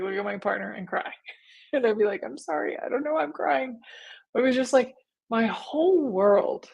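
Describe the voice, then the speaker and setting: A woman hosting a live-stream talk in an unhurried, easy way, with a soft, breathy voice. She laughs often between phrases and greets viewers by name. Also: medium pitch. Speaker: host.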